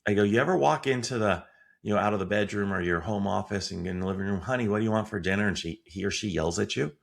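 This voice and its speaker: A man with a low voice full of gravelly fry, a sales consultant appearing as a podcast guest. He speaks in a confident, emphatic tone and drives home his advice in casual conversation. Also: fast talker. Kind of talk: casual interview chat.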